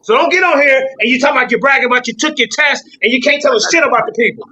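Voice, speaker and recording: A man's voice: extremely high pitch, rapid-fire, lo-fi sound, a crowd in the background. A man, arguing heatedly on a call-in panel and insisting he not be interrupted. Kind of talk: heated argument.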